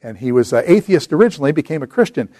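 A man's voice: on the high side, very animated, warm tone, dry recording. Man teaching the Bible in a dry room. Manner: conversational, slows and lifts voice to read scripture aloud. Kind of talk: informal Bible lecture.

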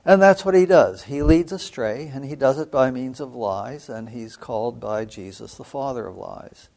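A man lecturing as a seminary professor on scripture, measured and thoughtful, with frequent pauses and an occasional throat-clearing. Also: mid-range voice, a little mellow. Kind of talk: biblical studies lecture.

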